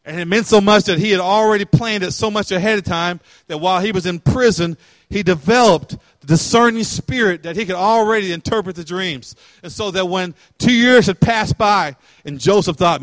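A man's voice: high-pitched, normal speed, fairly bright tone, dry recording. A male pastor preaching a sermon in a conversational way, asking questions and retelling scripture in everyday words.

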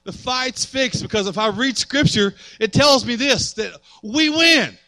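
Bright high-voiced preacher man. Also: animated, measured pace, no echo. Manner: preaching with rising fervor and dramatized quotes. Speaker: pastor. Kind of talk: sermon.

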